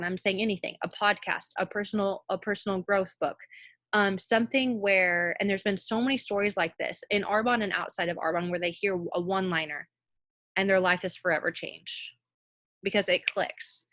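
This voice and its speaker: A woman's voice: medium pitch, a bit bright, dry recording. A woman leading a motivational team call, emphatic and repeating phrases for effect. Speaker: team leader. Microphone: call audio.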